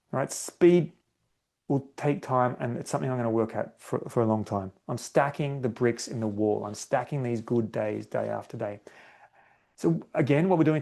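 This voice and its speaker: A man's voice: medium pitch, vocal fry, a little mellow. A man hosting a solo running podcast, talking casually and acting out bits of self-talk, often tagging his sentences with "right?". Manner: conversational, acts out inner self-talk, often adds "right?". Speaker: podcast host, running coach.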